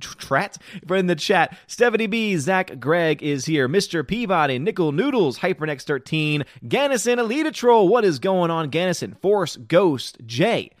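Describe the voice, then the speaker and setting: A man's voice: a little high, dry recording, clean studio sound. A man hosting a live stream, sarcastically greeting viewers and reading chat while fighting a cold.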